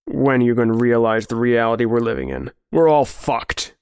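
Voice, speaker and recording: A man reading the part of a brutal, bearded man who sneers and threatens slowly. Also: medium pitch, big pitch swings, darkish tone, clear, resonant tone, dry recording, studio quality. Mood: menacing. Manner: sneering, menacing, slow counting. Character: brutal bearded man, menacing, laughing at the world.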